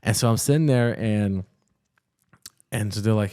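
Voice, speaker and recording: A young adult man co-hosting a podcast, telling ER nurse stories in a casual, animated way. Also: lowish voice, moderate pace, clean tone. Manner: animated storyteller, says "dude" and "like". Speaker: co-host, ER nurse. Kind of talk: casual chat.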